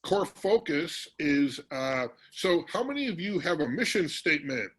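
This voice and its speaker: Husky-voiced man giving a business talk. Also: a little high, measured pace, poor audio. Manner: energetic, teasing, calls on audience members. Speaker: business workshop presenter. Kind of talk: interactive business presentation. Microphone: virtual meeting.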